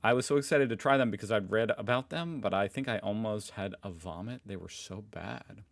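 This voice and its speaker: A man's voice: on the low side, brisk, creaky. Playful mock-defensive man hosting reactions. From Southern United States. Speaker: reaction video host. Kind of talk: casual reaction commentary.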